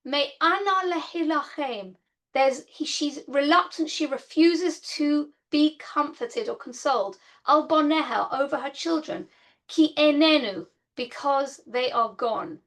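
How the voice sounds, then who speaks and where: A woman's voice: sits high, measured pace, a bit bright. A woman teaching an online Torah class over a video call. She explains step by step, reads Hebrew verses and translates them, and speaks in an earnest, heartfelt way. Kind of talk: online Bible lesson.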